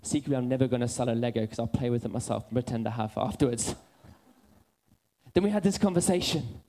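A man in his thirties preaching a sermon, earnest and building to excited urgency. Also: mid-range voice, quick pace.

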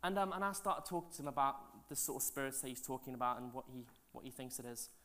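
Male pastor, lively sermon storyteller, loud then hushed, chatty asides. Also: medium pitch, quick pace. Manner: animated, swings between loud and hushed.

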